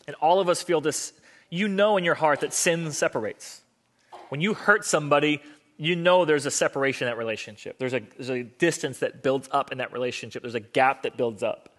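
Brief: male pastor, sermon, conversational and earnest, bright, forceful voice with a slightly high pitch. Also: fairly quick.

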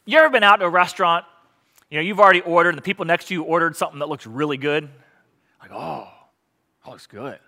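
Lively high-voiced male preacher. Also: rapid-fire. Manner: animated and joking with the congregation. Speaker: pastor. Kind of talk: sermon. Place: church sanctuary.

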